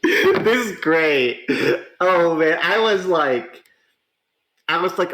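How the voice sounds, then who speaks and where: A man hosting a casual online talk show, reacting excitably to gaming politics with frequent laughs and drawn-out exclamations. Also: on the high side, rough recording. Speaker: podcast host.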